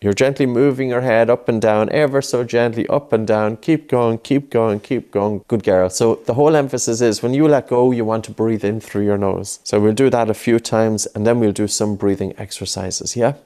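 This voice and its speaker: A man's voice: lowish voice, fairly even intonation, moderate pace, hardly any pauses, dark tone. A man coaching a child through breathing exercises, patient and coaxing, repeating his cues. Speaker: breathing instructor. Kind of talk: guided breathing lesson with a child.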